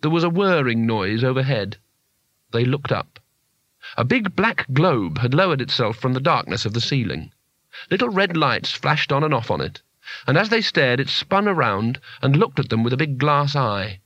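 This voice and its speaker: A man's voice: mid-range voice, sing-song, moderate pace, fairly bright tone, no room sound, dull audio. A man narrating a comic fantasy audiobook in a dry, wry storytelling manner. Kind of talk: scripted narration.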